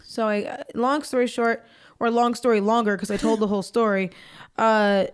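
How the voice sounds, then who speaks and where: A woman's voice: fairly high pitch, normal speed, clear, resonant tone. A young woman co-hosting a podcast, chatting casually and acting out the people in her anecdote. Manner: chatty, animated, acts out voices in anecdotes. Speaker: podcast co-host. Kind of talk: casual chat, storytelling.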